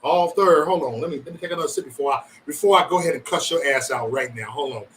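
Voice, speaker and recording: A man's voice: on the high side, fast talker, a bit bright, distant mic, slight background noise, poor audio. A man hosting a livestream, chatting casually with viewers in profane, rambling banter and joking threats. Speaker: livestream host.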